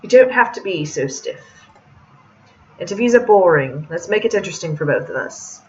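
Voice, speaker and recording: A woman voicing a theatrical, pompous male cafe owner in a game, speaking slowly and grandly in a put-on accent. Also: lowish voice, lively intonation, distant mic, lo-fi sound, voice pushed down, close to an everyday voice. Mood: smug.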